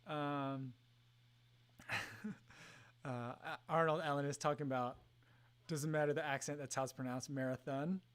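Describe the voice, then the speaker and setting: A man in his thirties hosting a casual livestream, reading chat messages aloud with frequent ums and soft laughs. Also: fairly high pitch, fairly even intonation, unhurried, long pauses, smooth. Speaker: livestream host.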